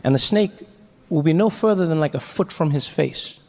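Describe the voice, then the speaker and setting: A man in his forties telling a stand-up story, animated and self-mocking, acting out the scenes. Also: a little high, normal speed. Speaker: stand-up comedian.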